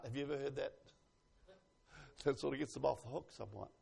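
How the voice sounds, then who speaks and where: A man preaching a sermon, swinging from hushed asides to loud exclamations and reading scripture slowly with emphasis. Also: a little high, sing-song, creaky.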